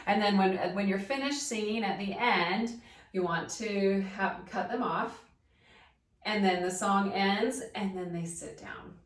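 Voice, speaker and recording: A woman's voice: medium pitch, measured pace. A woman giving a casual, upbeat how-to lesson on children's singing activities, chatty and prone to friendly asides. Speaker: primary singing time teacher. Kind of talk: casual instructional talk. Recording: roomy, from a distance.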